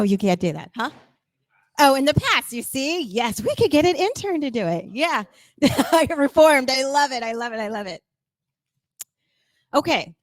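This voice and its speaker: A woman speaking to a live audience in a chatty, animated way, acting out quoted voices and laughing often. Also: fairly high pitch, no room sound, clean studio sound. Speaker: workshop speaker.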